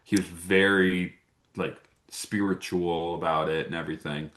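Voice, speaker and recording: A young adult man co-hosting a podcast, chatting about a film in an animated, jokey way. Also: low voice, measured pace. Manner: animated, jokey, breaks into silly voices. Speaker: podcast co-host. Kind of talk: casual film review chat.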